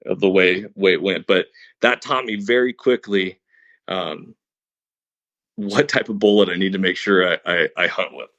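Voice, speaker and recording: A man's voice: sits low, normal speed, a bit bright, no echo, muffled recording. A man guest on a podcast, earnestly telling a hunting story step by step, with many restarts. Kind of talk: casual storytelling interview.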